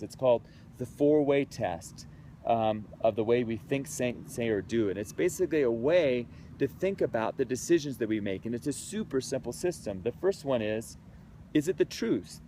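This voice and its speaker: A man's voice: medium pitch, lively intonation, fairly quick, dark tone, slight background noise. A man in his thirties, a creativity speaker, telling a personal story in an earnest, heartfelt, conversational way outdoors in a city.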